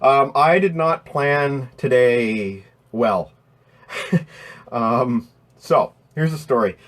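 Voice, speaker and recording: A man's voice: mid-range voice, very slow. A man hosting a casual live stream, rambling and swearing as he reads out chat names, his throat strained from voiceover work.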